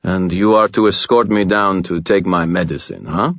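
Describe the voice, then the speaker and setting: A man voicing a kind, fatherly middle-aged producer who speaks steadily and gently, a little weary, in a storybook reading. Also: deep voice, normal speed, dry recording. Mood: gentle. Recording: dull muffled audio.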